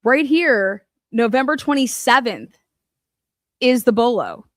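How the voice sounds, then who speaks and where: A woman giving casual true-crime commentary as she reads through documents, excitable and profane, swinging between low muttering and loud exclamations. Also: slow, no room sound, clean studio sound.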